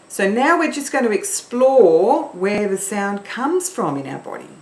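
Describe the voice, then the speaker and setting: A woman singing teacher leading an online warm-up, encouraging and counting in her learners. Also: mid-range voice, very animated, a little slow, hardly any pauses, echoey room.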